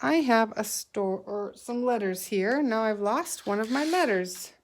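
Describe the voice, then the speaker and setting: A woman's voice: on the high side, expressive, measured pace. A woman teacher giving a patient, encouraging reading lesson to young children.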